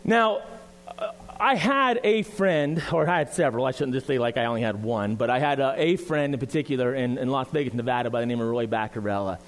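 Preaching in a church, a man reads scripture, prays and shares his own story in an earnest, conversational way. His voice is mid-range and a little fast.

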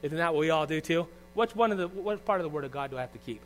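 High-voiced man preaching a sermon. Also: racing, hardly any pauses, low-quality recording. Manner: emphatic, with sudden loud rises and drops to quiet asides; conversational, asking the congregation rhetorical questions. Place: church service.

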